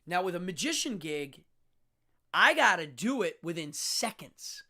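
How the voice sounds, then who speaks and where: A man who works as a magician and occultist, hosting a live show and talking casually with a dramatic, animated manner and stumbling restarts. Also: high-pitched, unhurried. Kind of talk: casual livestream monologue.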